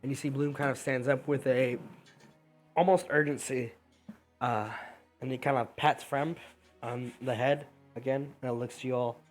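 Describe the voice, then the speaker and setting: A man narrating a tabletop game as game master, easygoing and loose. His voice sits at an average pitch, with faint music playing underneath. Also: moderate pace. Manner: relaxed, loose narration with fillers.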